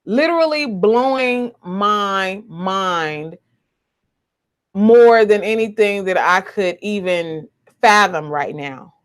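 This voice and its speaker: A young adult woman, chatting emotionally to viewers on a live stream from home, repeating herself, recorded on a webcam or phone. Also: mid-range voice. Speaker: YouTuber. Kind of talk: casual live stream chat.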